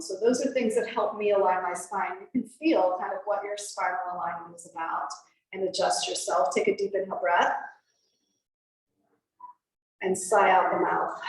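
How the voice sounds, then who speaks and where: Woman, yoga teacher, casual rambling instruction, strong room echo, far from the mic. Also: mid-range voice. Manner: chatty, rambling with fillers and laughs. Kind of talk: beginner workshop instruction. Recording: very echoey room, distant mic.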